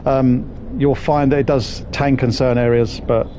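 A man's voice: medium pitch, steady tone, unhurried, dark tone, slight background noise. Sweary man streaming a game. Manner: sweary, jokey banter with chat. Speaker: gaming streamer. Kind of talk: live gameplay commentary.

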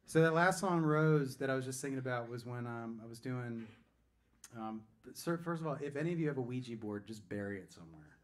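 A man's voice: mid-range voice, lively intonation, a little fast. Male singer-songwriter, chatty and digressive, live stage banter. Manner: chatty and digressive, self-interrupting, joking. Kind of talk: rambling storytelling between songs. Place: music venue stage.

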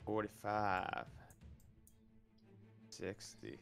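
A man's voice: fairly low pitch, expressive, drawn-out words, gravelly, fairly bright tone, soft background music. A man playing in a live tabletop game, bantering in a slangy, laid-back way. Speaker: player. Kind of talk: casual tabletop game play.

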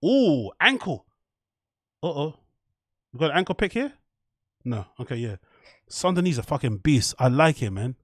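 Man, casual live-stream commentary, profane and rambling, fairly high voice, dry sound. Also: very animated, moderate pace, long pauses, a bit bright, breathy edge, no echo. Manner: profane, rambling, reads chat aloud.

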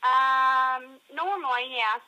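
A woman on a phone call, answering in a calm, dry, unbothered way. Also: sits high, takes it slowly, soft background music. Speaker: call recipient.

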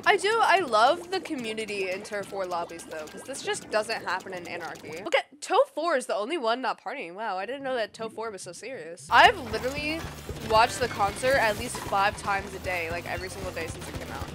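A woman giving gameplay commentary, excitable and playful, bursting into mock-angry outbursts. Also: mid-range voice, fairly quick. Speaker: gamer. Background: game music.

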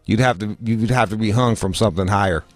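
A man hosting a podcast, telling crude comic stories full of swearing and jumping into high squeaky voices to act out other people. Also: quick pace, dry recording, faint music behind. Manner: profane, animated, mimics people in high voices. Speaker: podcast host. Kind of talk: crude comedic storytelling.

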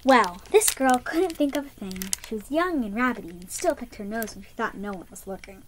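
Animated young woman reading aloud. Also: a little high, brisk, hardly any pauses, a little hiss or hum, rough recording. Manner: animated, expressive storytelling. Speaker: storyteller. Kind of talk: reading a picture book aloud.

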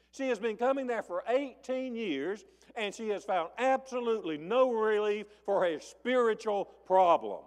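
Preacher guy, folksy, kinda high voice, lots of ups and downs, big echoey church. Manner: folksy storytelling, acting out voices with big swings in pitch and volume. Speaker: pastor. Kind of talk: sermon. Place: church sanctuary.

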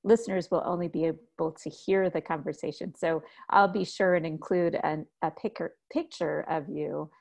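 A woman hosting a podcast, talking in a casual, chatty way with frequent laughter. Her voice sits a little on the low side. She is speaking over a video call. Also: steady tone, moderate pace, vocal fry, hardly any pauses, a little mellow. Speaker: podcast host. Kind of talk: casual interview chat.

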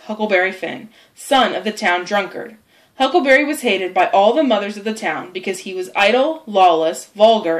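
A woman narrating a storybook chapter in a clear, measured, expressive reading. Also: mid-range voice. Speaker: audiobook narrator.

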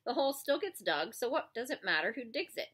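Woman reads timid teen boy, pleading, bright voice. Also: a little high, very animated, brisk, husky, voice pushed up, heavily acted. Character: teenage boy, timid and defensive.

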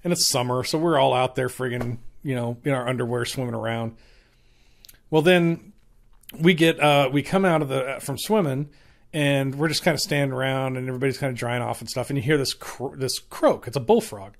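A man's voice: mid-range voice, a little fast, vocal fry. A man hosting a podcast, telling a story in a rambling, profane, laid-back way. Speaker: podcast host. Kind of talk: casual storytelling.

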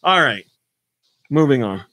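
A man's voice: medium pitch, big pitch swings, a little slow, sharp tone, no echo. A man hosting a podcast, chatting casually and rambling with frequent fillers. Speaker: podcast host. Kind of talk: casual chat.

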